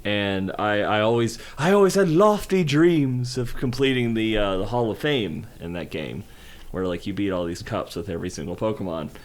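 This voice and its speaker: A man's voice: fairly low pitch, animated, moderate pace, few pauses. A man co-hosting a podcast, telling a story hesitantly with many fillers. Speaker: podcast co-host. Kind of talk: casual chat.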